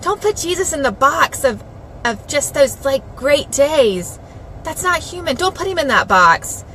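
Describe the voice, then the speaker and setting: A woman with a Southern American accent gives a heartfelt devotional to her viewers. Her voice sits a little high and rings bright and forceful. She talks in an earnest, animated way, circling back on her phrases, with faint noise behind her. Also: unhurried, rough recording. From South Georgia, USA. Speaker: Christian blogger giving a devotional. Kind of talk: casual devotional talk to viewers.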